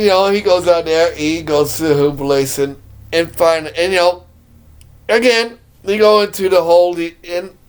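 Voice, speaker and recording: Enthusiastic man, slow, clear voice. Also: on the high side. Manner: enthusiastic, rambling, laughs often. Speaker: video blogger reviewing a movie. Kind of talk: casual movie discussion.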